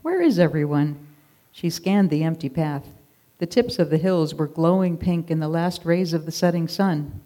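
Expressive narrator reading a children's story aloud. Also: mid-range voice, normal speed.

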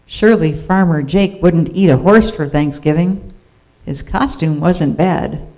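A storyteller reads a children's picture book aloud, playful and expressive. The voice is mellow and soft-toned, with moderate pitch. Lines rise and fall for effect. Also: measured pace, rough recording.

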